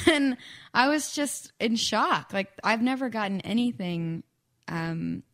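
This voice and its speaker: A woman's voice: a little high, slow pace, a bit bright. A young woman from Texas chatting casually as an interview guest, with lots of "like" and "um". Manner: chatty, frequent "like" and "um". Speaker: guest songwriter.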